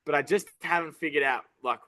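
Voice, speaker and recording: Aussie tradesman guest, somewhat high bright voice, halting and full of restarts. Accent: Australian, toned down. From Australia. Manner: halting, stop-start, many false starts. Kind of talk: casual interview chat.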